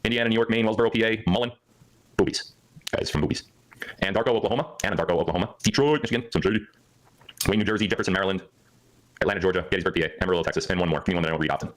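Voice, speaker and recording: A man's voice: deep voice, fairly even intonation, very fast, fairly bright tone, low-quality recording. A man hosting a livestream, talking in a hyper, joking way and laughing often. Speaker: livestream host. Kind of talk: rambling livestream chat.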